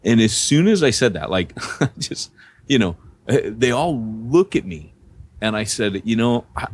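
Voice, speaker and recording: A man's voice: medium pitch, animated, measured pace, slightly rough. A man co-hosting a podcast, telling a personal story in a casual, rambling way with many restarts. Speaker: podcast co-host, church planter.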